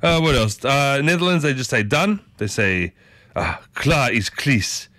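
Aussie radio host dude rambling on a morning show, bouncy pitch, dry studio mic sound. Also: male voice, moderate pace, no echo. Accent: Australian. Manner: animated and rambling, with big upward pitch jumps. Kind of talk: casual morning radio chat.

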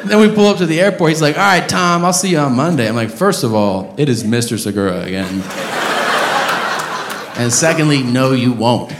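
A man's voice: mid-range voice, fairly quick. Profane man doing stand-up in a reverberant club. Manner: profane storytelling, acting out shouted characters. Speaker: stand-up comedian. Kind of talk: stand-up comedy set. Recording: live club, long reverb and room noise. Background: audience laughter.

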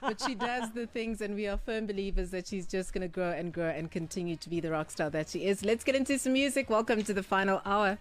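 A woman hosting an afternoon radio show, playful, lively and chatty. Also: mid-range voice, quick pace, few pauses. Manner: playful, lively, laughing often. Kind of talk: casual radio banter.

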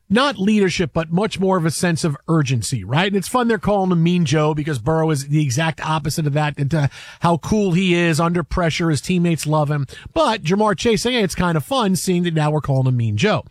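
A man hosting sports talk radio, telling stories in an animated, rambling way with lots of fillers and restarts. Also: fairly high pitch, dry recording, studio quality.

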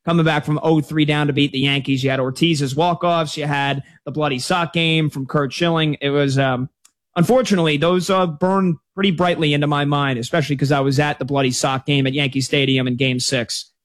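A man's voice: fairly high pitch, steady tone. A man hosting a sports talk radio show, chatting conversationally and taking calls. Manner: conversational, quick asides.

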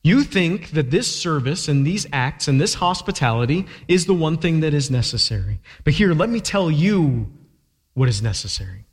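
A man voicing a gentle male teacher who speaks softly, earnestly and patiently, echoing in a large hall. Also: on the high side, sing-song, normal speed, creaky, breathy edge, full character voice. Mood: tender. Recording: long reverb of a large hall.

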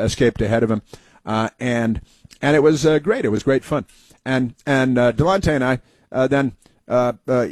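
A man's voice: mid-range voice, dry recording. A man hosting a casual talk show, rambling through anecdotes and mocking political commentary. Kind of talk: casual talk radio monologue.

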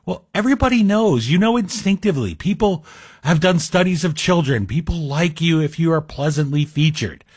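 A man's voice: a little high, lively intonation, moderate pace, husky, no echo, studio quality. A man guest hosting a talk radio show, chatting in a wry, self-deprecating way. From Greek heritage. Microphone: studio microphone.

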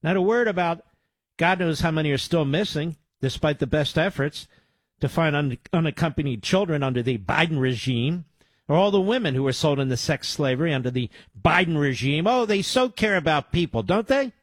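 Guy doing angry talk radio, fairly high voice, bone-dry studio sound, snarky and insulting. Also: a little fast, dry recording. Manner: sarcastic, interrupts clips with insults. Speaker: radio talk show host. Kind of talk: combative political talk radio commentary.

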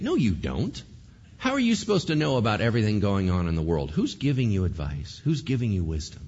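A man preaches in a casual, animated way, acting out the quoted lines and asking his listeners question after question. His voice has a husky edge, and his pitch moves up and down a lot. The recording sounds a little dull and lo-fi. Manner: animated, conversational, acts out quotes, asks the audience questions. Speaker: pastor. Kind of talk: sermon.

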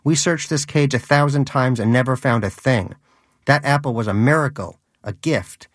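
In a clean studio recording with no room sound, a man voices a prim, pious male pet rodent in a cage, sounding earnest, preachy and bitter. His voice is medium-pitched, natural and at a normal speed, pitched above his own voice.

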